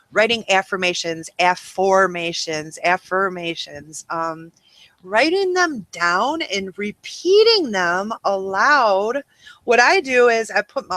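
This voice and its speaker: A woman hosts a webinar with a bright, forward voice. She talks casually and rambles, filling gaps with ums and you-knows. The sound is dry and close, with no room around it. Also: fairly low pitch, no room sound. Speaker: webinar host.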